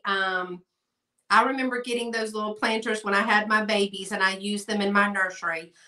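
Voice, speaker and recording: A woman's voice: medium pitch, sharp tone, recorded from a distance. A middle-aged woman, hosting a live sale in a chatty style and addressing viewers by name. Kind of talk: live-stream sales chat. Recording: echoey room, voice off-mic.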